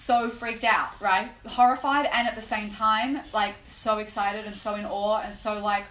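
A woman teaching a class on prayer, telling a personal story in an animated way with lots of "like" and "right?". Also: mid-range voice, moderate pace, hardly any pauses. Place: room with a live class. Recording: echoey room, faint noise.

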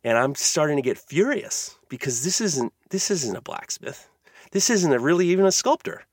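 A man's voice: a little high, big pitch swings, moderate pace, dry recording, clean studio sound. A man hosting a casual podcast chat, ranting in a heated, profane way. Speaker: podcast host.

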